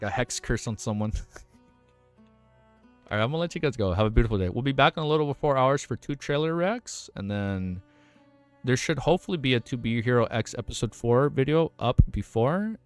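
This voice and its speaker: A young man streaming live, chatting casually in an excitable way, swearing freely and thinking out loud. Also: mid-range voice, clean tone.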